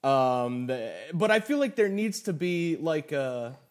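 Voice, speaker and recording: A young man co-hosting a casual podcast, playful and quick to laugh. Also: fairly high pitch, animated. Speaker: podcast co-host.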